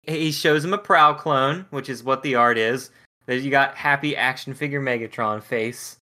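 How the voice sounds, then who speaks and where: Bright, wry man in casual chat. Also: mid-range voice, moderate pace. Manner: wry, incredulous, laughs often. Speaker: podcast co-host. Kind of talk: casual book review chat.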